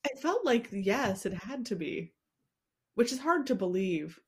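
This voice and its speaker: A woman co-hosting a podcast, chatting casually about a TV episode, relaxed and often laughing. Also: fairly high pitch, measured pace, breathy edge. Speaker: podcast co-host. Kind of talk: casual TV recap chat.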